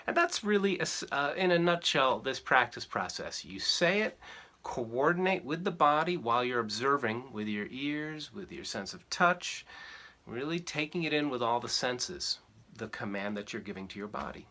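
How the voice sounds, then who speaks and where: A man teaching a ukulele lesson in a relaxed, explanatory way, sometimes chanting rhythm syllables. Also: fairly high pitch, normal speed, over music. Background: ukulele strumming.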